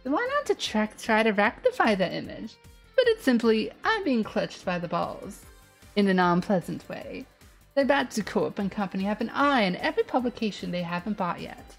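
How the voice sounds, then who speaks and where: A woman doing a gruff, sleazy news boss. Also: medium pitch, very animated, moderate pace, soft background music. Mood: grumbling. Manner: gruff, tough-talking. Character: brash sleazy middle-aged male news boss. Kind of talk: video game voice reading.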